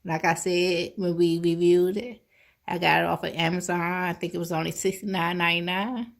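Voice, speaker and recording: A woman's voice: lowish voice, little pitch movement, normal speed, vocal fry. A woman hosting a casual cooking vlog, chatting to viewers as y'all and tasting food on mic. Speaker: cooking channel host.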